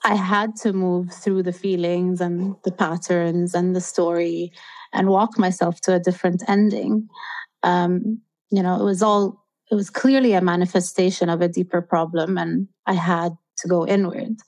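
A woman's voice: on the low side, level tone, moderate pace, darkish tone. A woman in her thirties, an interview guest, telling a personal story in an earnest, open and reflective way.

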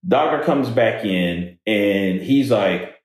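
A man telling a personal story in conversation, halting and repeating words as he goes. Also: on the low side, animated. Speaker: guest speaker on workplace diversity. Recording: very echoey room.

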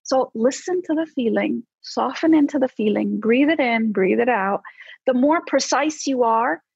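Woman psychologist guest, higher husky voice, dry and slightly dull podcast audio. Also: moderate pace, no echo. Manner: lively and coaching, with casual "like" fillers. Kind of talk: conversational podcast advice.

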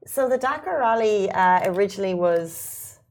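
A woman's voice: medium pitch, animated, normal speed. A woman with a mid-range voice co-hosts the show in a casual chat. Her questions are inquisitive and loosely phrased, with small restarts as she works out what to ask. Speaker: show co-host.

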